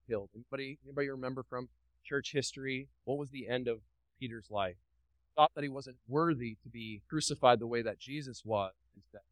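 A man's voice: mid-range voice, no room sound, poor audio. A pastor delivering a sermon to his congregation. He preaches emphatically, repeats phrases, asks the room questions and drops light joking asides.

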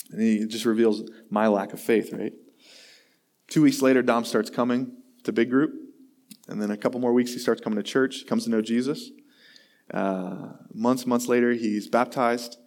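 A man's voice: medium pitch, steady tone, normal speed, darkish tone. A man, a pastor, giving a sermon in a conversational, self-deprecating way, telling a long story and acting out the voices in it.

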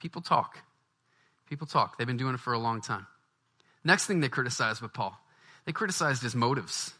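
Bright, animated preacher. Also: male voice, medium pitch, a little fast. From Baton Rouge, Louisiana, US. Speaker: pastor. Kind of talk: sermon.

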